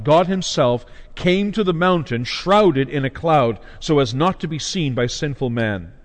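Man preaching in a reverberant church. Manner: measured preaching with dramatic pauses and shifts of pitch. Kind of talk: sermon.

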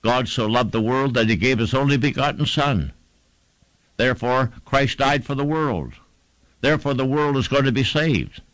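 A man's voice: medium pitch, moderate pace, a bit bright, dry recording, poor audio. A man preaching a sermon, fervent and emphatic, building repeated phrases to a climax.

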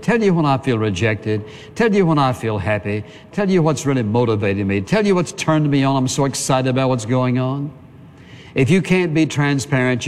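A man's voice: medium pitch, in a large hall, slight background noise. A man preaching a sermon in a conversational style, calling on the congregation to answer amen.

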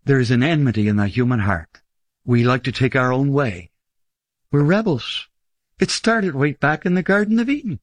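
A man preaching a sermon in an emphatic style, lifting his voice for stress and slowing down on key phrases. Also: expressive, no echo. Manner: emphatic, swings pitch widely for stress, slows on key phrases.

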